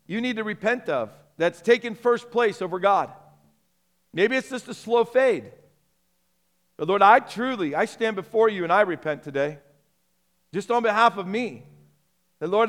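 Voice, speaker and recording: A man preaching a sermon as pastor and leading the church in prayer, rising with passion and then dropping soft and low.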